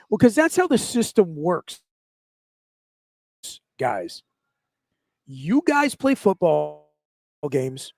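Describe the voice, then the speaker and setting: A man with a high, dry studio voice rants on a sports talk radio show. He talks in an animated, sarcastic way, mocking what others say and pressing his point hard. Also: slow, vocal fry, pauses often, no echo.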